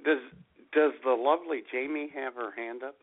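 A man's voice: medium pitch, fairly even intonation, moderate pace. A man hosting a talk radio show, playful and teasing with callers. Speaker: radio host. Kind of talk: casual talk radio banter. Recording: tinny phone-like audio.

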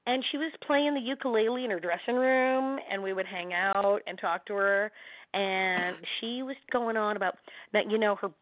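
A woman in middle age, an actress and interview guest, tells stories with lively energy and acts out every quote. Her voice is mid-pitched and close, with no room around it. The sound is narrow and tinny, like a telephone call. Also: moderate pace, no echo. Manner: animated, laughing storyteller who acts out quotes. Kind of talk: casual storytelling chat. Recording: tinny phone-line sound.

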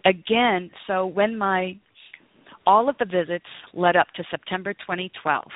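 A woman's voice: on the low side, unhurried, no room sound. A woman, a guest author, telling personal stories in an earnest, exclamatory way during an interview. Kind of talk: storytelling interview talk. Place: in Las Vegas. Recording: tinny phone line, dry.

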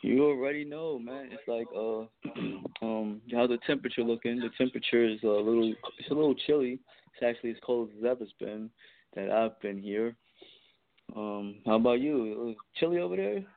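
A man's voice: medium pitch, brisk. A man calling in to a casual radio show, talking in a rambling, reflective way with hesitations. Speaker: guest caller. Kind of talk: casual talk radio chat. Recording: tinny phone line.

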